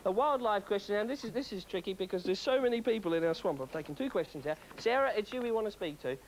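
A woman's voice: mid-range voice, expressive, fast talker, a little hiss or hum, low-quality recording. A woman playing a game show quizmaster in a playful role-play, with chatty, bouncy patter. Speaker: pretend game show host.

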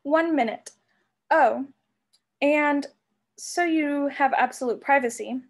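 A woman's voice: high-pitched, slow. A woman voicing a vain, scheming sorceress with a honeyed, theatrical manner while reading a storybook aloud. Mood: cooing, sly.

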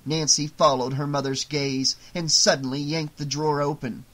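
An audiobook narrator reading a novel aloud in a steady storytelling manner. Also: mid-range voice, moderate pace.

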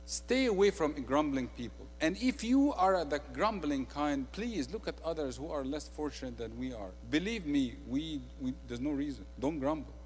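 A male preacher with an Egyptian accent delivers a sermon in a slightly raised voice. He shifts between soft, confiding asides and forceful, emphatic declarations. His voice rings with the long reverb of a large church hall. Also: fairly high pitch, lively intonation, normal speed, few pauses, a little hiss or hum. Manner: swings from quiet intimate asides to loud emphatic declarations.

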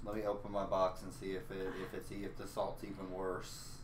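A man's voice: deep voice, monotone, moderate pace. Man, laid-back, teasing, casual gaming banter, roomy echo. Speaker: co-host. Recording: roomy echo, faint noise.

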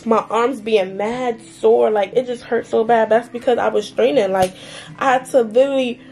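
A young woman tells a story to her vlog camera, fired up and swearing constantly. Her voice sits a little higher than most, and her rant is full of "like" and "mind you.". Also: moderate pace, a little mellow, faint music behind. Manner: heated, profane ranting with lots of "like" and "mind you". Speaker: vlogger.

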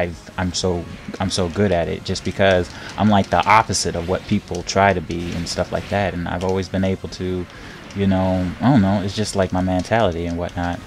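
Low-voiced young male streamer, loose and rambling, quick to laugh, soft game music behind. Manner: rambling, repeats words, laughs often, gets loud and excited when hit. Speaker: gameplay streamer. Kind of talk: casual gameplay commentary.

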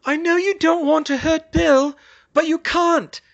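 A man voicing a frantic young woman, pleading and crying out in a high, strained voice. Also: fairly even intonation, measured pace, gravelly, a bit bright, muffled recording, full character voice. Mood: desperate.

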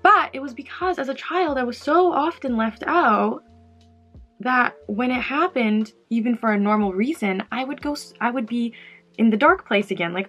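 A woman's voice: on the high side, moderate pace, a bit bright, slightly rough, muffled recording, soft background music. A young woman vlogger talking candidly about her past while doing her makeup, in a casual get-ready-with-me chat. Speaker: beauty vlogger.

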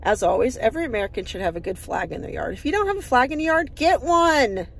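A woman's voice: sits high, big pitch swings, fast talker. Upbeat folksy woman vlogging. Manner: folksy and upbeat, rambling with fillers. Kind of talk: casual chatty vlog. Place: outdoors in her yard.

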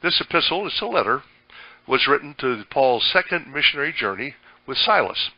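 A man's voice: a little high, sing-song, brisk, dry recording, lo-fi sound. An older man preaching a sermon as pastor, folksy and conversational, with many fillers and restarts.

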